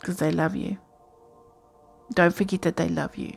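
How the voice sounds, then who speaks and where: Woman, tarot reader, gravelly fry, mid pitch, rambling, chatty, intuitive, at home at night, faint background music. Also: steady tone, moderate pace. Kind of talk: casual tarot reading.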